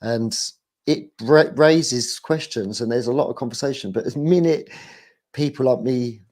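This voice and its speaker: A man in casual chat, rambling and animated, often laughing between his thoughts. His voice sits at an ordinary middle pitch for a man. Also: moderate pace. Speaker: guest.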